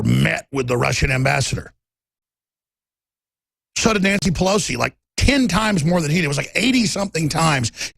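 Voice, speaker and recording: A man hosting a talk show, delivering a heated, emphatic political monologue and shouting at times. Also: fairly high pitch, gravelly, husky, dry recording.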